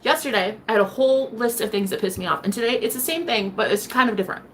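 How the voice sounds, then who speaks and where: A woman's voice: fairly high pitch, fast, slight background noise. Sassy, playful woman vlogging to camera. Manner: sassy, playful, swings between loud and hushed. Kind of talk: casual vlog monologue.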